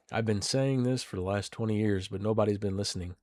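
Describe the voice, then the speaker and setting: A man's voice: on the low side, a little fast, dry recording, studio quality. A man hosting a solo show, reacting off the cuff with crude, rambling jokes and mumbled asides. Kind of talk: casual reaction commentary.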